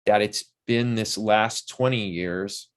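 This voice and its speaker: A man in his sixties, an interview guest who tells lively stories about a film shoot and acts out what people said on set. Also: lowish voice, slow. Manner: animated storyteller who acts out quotes from the set. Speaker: interview guest, actor and playwright. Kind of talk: casual interview chat.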